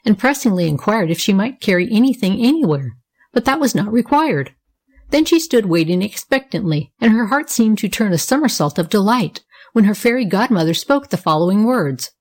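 A woman narrating a children's story in a gentle, even reading manner. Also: mid-range voice, brisk.

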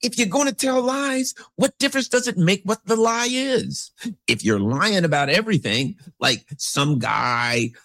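A man's voice: sits high, lively intonation, a little slow, fairly bright tone, no echo, studio quality. A man delivering a rambling, sarcastic political commentary monologue as host.

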